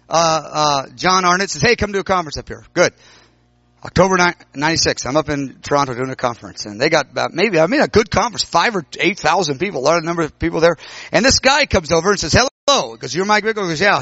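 A man preaching, telling a personal story and acting out the dialogue with sudden high exclamations. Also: pushed and bright, no room sound, muffled recording. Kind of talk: sermon storytelling.

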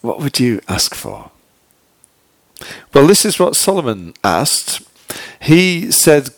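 A man's voice: a little high, sing-song, takes it slowly, long pauses, dry recording. Guy giving a sermon like he's just chatting, lots of "you know", throws questions at the crowd, dry close sound. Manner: conversational storytelling with frequent "you know"; asks the listeners direct questions. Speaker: preacher.

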